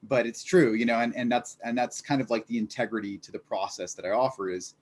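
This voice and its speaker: A man's voice: mid-range voice, fairly even intonation, quick pace, a little mellow, slight background noise. A man speaking as an interview guest, earnest and reflective, leaning on fillers as he explains his ideas. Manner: earnest, reflective, many fillers like "like" and "you know". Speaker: fitness business founder, guest. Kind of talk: casual interview chat.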